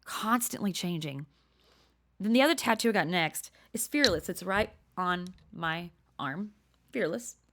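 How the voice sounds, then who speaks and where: An older woman, hosting a podcast and telling stories in a chatty, animated way, laughing often and dropping to a hush for emphasis. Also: medium pitch. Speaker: podcast host. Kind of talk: casual storytelling monologue.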